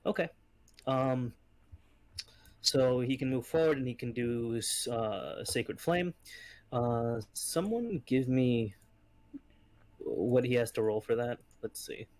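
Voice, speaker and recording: A man running a tabletop game as game master, easygoing and often pausing with fillers. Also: medium pitch, lively intonation, darkish tone.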